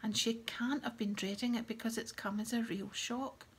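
A woman's voice: a little high, fairly even intonation, normal speed, husky. Woman doing sobbing melodramatic teen girl. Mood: tragic. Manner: tragic, sobbing delivery. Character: tearful, melodramatic teenage girl.

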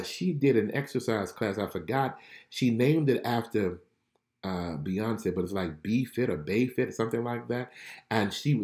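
A man's voice: mid-range voice, darkish tone, roomy sound. A man preaching a prophetic message on a livestream. He exclaims, laughs and greets viewers by name. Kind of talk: live-streamed prophetic preaching.

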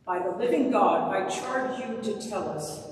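A reader taking the parts of the high priest and Pilate, questioning forcefully. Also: lively intonation, measured pace, lightly acted. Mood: accusing. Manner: forceful, accusing. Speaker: liturgy reader. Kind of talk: Passion gospel reading. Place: church sanctuary. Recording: echoey church from far off.

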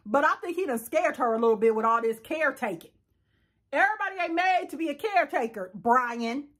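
Sassy high-voiced woman recapping reality TV. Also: expressive, fairly quick, fairly bright tone. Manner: sassy, laughing, blunt slang-heavy talk. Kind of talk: casual reaction commentary.

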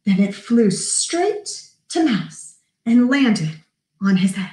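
A woman reads a picture book aloud to young listeners, taking her time over each line and slipping into lively voices for the animals. Her voice sits a little high. The room around her gives it a noticeable echo. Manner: animated, does character voices, pauses to talk to kids. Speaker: children's librarian. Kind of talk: storybook read-aloud. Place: library room. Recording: echoey room.

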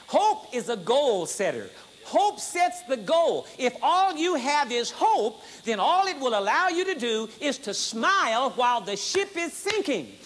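A man preaching an emphatic, repetitive sermon at a conference, building to high exclamations. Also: big pitch swings, a little slow, a bit bright. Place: conference hall.

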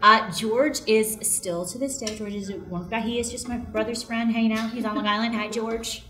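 A woman voice actress telling funny stories in a casual convention interview, animated and laughing as she acts out people's voices. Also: a little high, fairly quick. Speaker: voice actress guest. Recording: echoey room.

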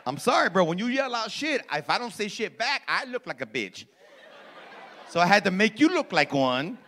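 A man's voice: high-pitched, sing-song, normal speed, bright, forceful tone. A man doing brash, profane crowd work as a stand-up comedian in a comedy club. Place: comedy club before a laughing audience.

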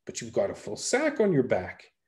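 A man's voice: mid-range voice, wildly swooping pitch, normal speed, darkish tone. A man voicing a simple, cheerful young peasant fool who calls out eagerly to strangers.

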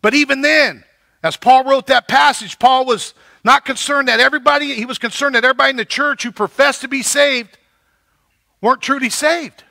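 A man's voice: very high voice, brisk, vocal fry, pushed and bright, dry recording. A male pastor preaching a sermon, building emphasis and checking in with the congregation. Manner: preaching with rising emphasis and repeated "right?".

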